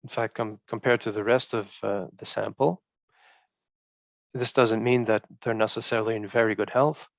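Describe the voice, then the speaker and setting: A male researcher presenting study results in a halting way, with many fillers and restarts. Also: fairly low pitch, little pitch movement, vocal fry, no room sound.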